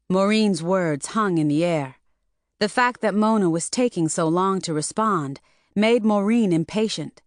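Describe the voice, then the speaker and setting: A woman narrating an audiobook in an even, measured, scripted reading. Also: fairly low pitch, dry recording, studio quality.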